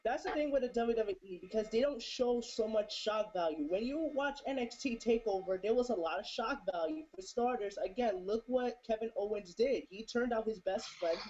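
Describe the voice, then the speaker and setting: A woman in a casual chat, explaining points in a measured way with frequent fillers. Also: fairly high pitch, warm tone. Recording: dull lo-fi.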